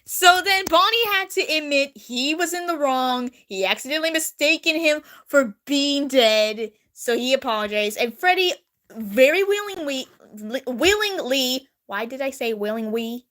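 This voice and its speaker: Her voice sits high and moves at a normal speed as this young female vlogger reads from an old drawing. The storytelling is casual and chatty, full of giggles, animation and frequent laughter.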